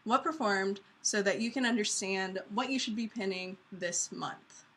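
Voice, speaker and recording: An upbeat woman co-hosting a live marketing video chat. Her voice is bright and clear. She keeps things moving and laughs easily. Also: medium pitch, moderate pace. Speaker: co-host.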